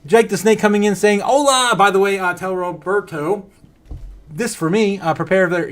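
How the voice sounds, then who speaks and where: A man hosting a casual livestream, reading chat aloud, laughing often and getting excitable. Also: high-pitched, normal speed. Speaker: host.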